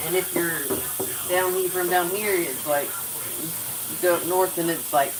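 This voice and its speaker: A woman's voice: fairly low pitch, fairly even intonation, a little slow, noisy background. A woman with a Southern US accent, chatting casually with viewers on a livestream, drawling and laughing often. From North Carolina. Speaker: livestream host.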